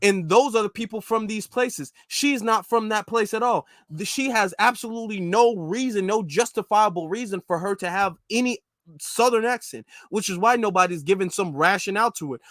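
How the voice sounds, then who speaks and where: Indignant high-voiced male commentator. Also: moderate pace, a bit bright, no room sound, studio quality. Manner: indignant, repetitive, emphatic. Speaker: commentary channel host. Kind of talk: opinion commentary reacting to clips.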